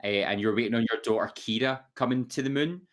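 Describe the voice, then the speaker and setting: A man's voice: medium pitch, quick pace. Rambling man, casual podcast chat. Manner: rambling, full of restarts and fillers. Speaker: podcast co-host.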